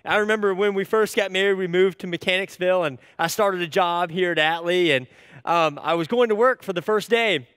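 A man in his thirties giving a sermon as an animated, self-deprecating storyteller. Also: high voice, fairly quick, clear, resonant tone, no room sound, clean studio sound, big-room sound. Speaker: church staff speaker.

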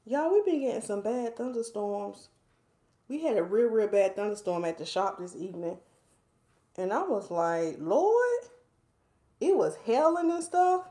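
A woman's voice: mid-range voice, animated, moderate pace, dark tone, echoey room. A woman, a hair stylist chatting playfully with viewers while doing a hair tutorial at home. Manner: chatty, playful, talks to viewers as y'all, reads comments aloud. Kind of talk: casual livestream hair tutorial chat.

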